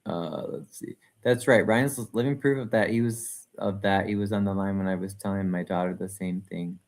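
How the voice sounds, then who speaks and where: A man's voice: low-pitched, steady tone, moderate pace. A man hosting his own channel, talking casually and earnestly, often circling back mid-sentence and answering viewers' comments as he goes. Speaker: channel host. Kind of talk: casual live-stream commentary.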